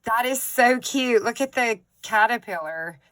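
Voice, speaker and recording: A woman's voice: on the high side, animated, a little slow, a bit bright, no room sound, low-quality recording. A woman crafter chatting casually as she shows off her book collection, gushing and giggling, recorded on a phone. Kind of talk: casual show-and-tell chat.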